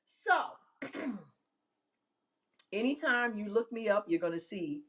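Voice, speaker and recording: A woman hosts an inspirational live-stream talk. She tells her story in an animated, emphatic way and leans on repeated phrases. Her voice sits at a middle pitch. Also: slow pace.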